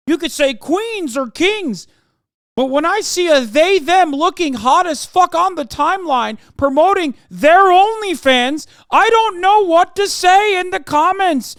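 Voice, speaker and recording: A man putting on a whiny, exaggerated caricature of a male pundit, squealing and near-shouting in mockery. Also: very high-pitched, no echo, clean studio sound, voice pushed up, exaggerated voice. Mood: mocking, shrill.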